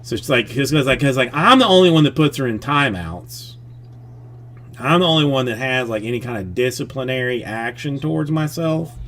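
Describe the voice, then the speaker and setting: Rambling man with a bright voice. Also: mid-range voice, expressive, normal speed. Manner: rambling, full of "I mean" and "like" restarts. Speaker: live stream host. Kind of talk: casual chat, telling a family story.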